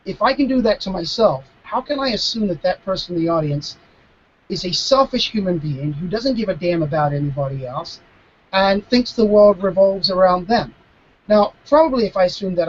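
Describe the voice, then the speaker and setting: A man, a mentalist guest, chatting casually over a video call, animated and stopping to restart his sentences. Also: high-pitched, highs cut off. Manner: animated, acting out dialogue, frequent restarts. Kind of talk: casual storytelling Q&A.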